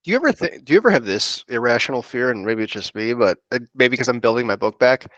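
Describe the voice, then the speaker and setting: A man's voice: medium pitch, expressive, fast talker, a bit bright, no echo, muffled recording. A man, an insurance producer telling a rambling story on a podcast and acting out what people said to him. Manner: rambling, quotes people in his stories. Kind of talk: casual storytelling chat.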